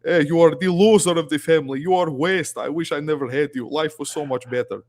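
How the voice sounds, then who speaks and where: A man's voice: on the high side, a little fast, a little mellow, pitched above the performer's own voice, lightly acted. A man putting on a harsh middle-aged father with an Albanian accent, scolding bluntly in broken English. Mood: scornful.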